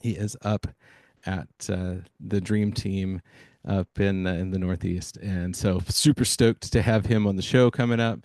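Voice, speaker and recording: A male podcast host with a low, steady, slightly mellow voice talks a little slowly to listeners of his sales podcast. His energetic monologue is enthusiastic and hyping, with plenty of fillers. There's no room sound.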